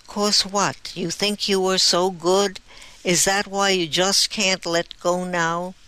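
A narrator voicing an angry, sharp-tongued female station commander. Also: medium pitch, little pitch movement, takes it slowly, smooth, rough recording.

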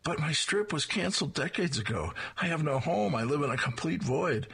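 A man's voice: on the high side, animated, normal speed, gravelly, a bit bright, breathy edge, pitched above the performer's own voice, exaggerated voice. A man voicing a lonely, homeless character from an old comic strip who pleads to be let in. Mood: pleading. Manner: pleading and rambling.

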